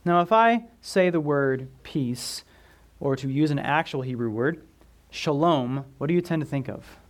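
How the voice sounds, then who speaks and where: Male pastor, sermon, slow measured delivery, emphatic with hushed drops. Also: fairly high pitch, animated. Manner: emphatic preaching, swinging from loud stress to near whisper; addresses congregation with questions.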